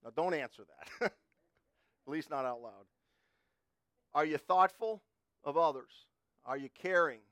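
A man's voice: a little high, measured pace, pauses often, fairly bright tone, no room sound, studio quality. Folksy middle-aged man preaching. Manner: folksy, conversational, repeats and restarts words. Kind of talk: sermon with personal storytelling.

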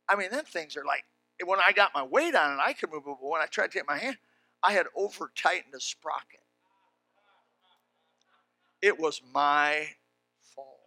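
In a sermon that starts as folksy storytelling and rises to shouting, an older preacher speaks in a high, sharply bright voice. The recording is dry and close, without any room sound.

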